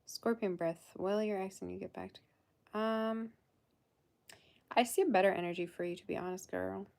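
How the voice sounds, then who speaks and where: A woman's voice: mid-range voice, steady tone, moderate pace, gravelly, a little mellow. A woman doing a live tarot reading in a loose, chatty way, full of fillers and calling the listener "girl". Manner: loose, fillers and half-sentences. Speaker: tarot reader.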